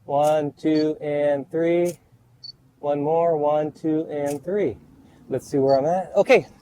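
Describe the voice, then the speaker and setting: A man's voice: on the high side, fairly even intonation, slow pace, dark tone, clear, resonant tone, rough recording. A man photographing a model outdoors, out of breath, counting off shots and giving short directions. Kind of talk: on-location shoot commentary. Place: outdoors by a street.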